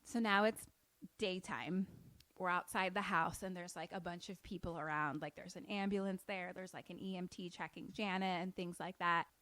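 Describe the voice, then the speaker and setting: A woman's voice: fairly low pitch, steady tone, moderate pace, fairly bright tone, dry recording. A young woman co-hosting a podcast, casually retelling a film in a chatty way, with lots of fillers. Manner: chatty, with frequent "like" fillers and swearing. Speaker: podcast co-host.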